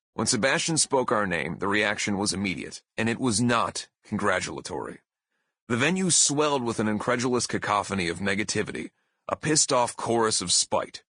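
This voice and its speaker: Husky, expressive man reading his memoir. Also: lowish voice, no echo. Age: 30s. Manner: expressive, emphatic storytelling. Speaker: author narrating his memoir. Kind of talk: audiobook narration.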